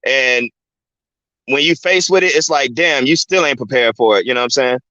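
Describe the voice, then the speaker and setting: A man's voice: mid-range voice, moderate pace, pushed and bright, dry recording. A man hosting his show and talking loosely and casually, often asking "you know what I'm saying?". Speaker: host. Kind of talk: casual commentary monologue. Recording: dry, dull lo-fi sound.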